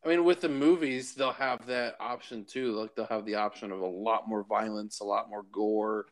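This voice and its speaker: A man's voice: fairly low pitch, steady tone, normal speed. A man co-hosting a casual podcast, easily bringing up news items with ums and uhs. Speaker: podcast co-host. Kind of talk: casual chat.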